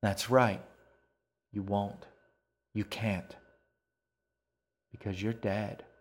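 A man voicing a young girl in an audiobook, quiet, deliberate and commanding. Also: fairly low pitch, little pitch movement. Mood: quiet menace. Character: young girl, quiet and steely, fierce when pressed. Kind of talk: audiobook character voice.

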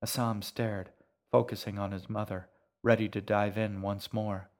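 A man reading his own serialized novel aloud, in a quiet, measured storytelling manner. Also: lowish voice, level tone. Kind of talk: audiobook narration.

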